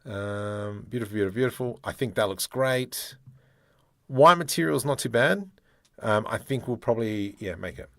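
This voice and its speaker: A man demonstrating 3D modeling software, thinking aloud in a playful way and muttering keyboard shortcuts and mild exclamations as he works. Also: mid-range voice, normal speed, vocal fry, no room sound. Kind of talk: screen-recorded software tutorial, thinking aloud.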